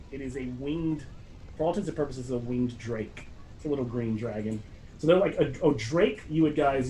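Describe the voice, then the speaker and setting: A man's voice: mid-range voice, a little mellow. Rambling male game master, faint music. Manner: loose, rambling narration with many fillers. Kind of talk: narrating a tabletop game.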